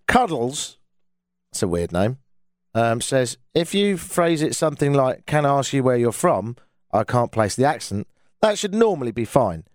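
A man's voice: medium pitch, darkish tone, dry recording, clean studio sound. An English man hosting a call-in radio show, chatting in a wry, joking way and reading texts aloud. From England. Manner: wry, joking, self-mocking.

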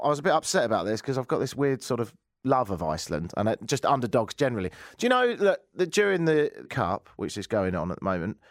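A man from England hosts a radio show, offering casual commentary full of wry, rambling jokes and asides. His voice is mid-range, and the recording is dry and studio quality.

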